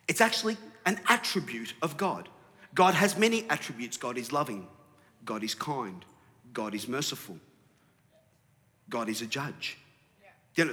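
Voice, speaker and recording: Male pastor, fiery sermon delivery, bright and forceful. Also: mid-range voice, big-room sound. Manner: animated, rising to shouts.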